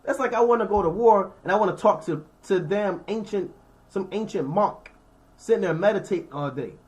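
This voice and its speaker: At a moderate pace and in a high voice, a man teaches scripture informally. He reads the verses first, then explains them with everyday examples in a slangy, conversational style, checking in with listeners along the way.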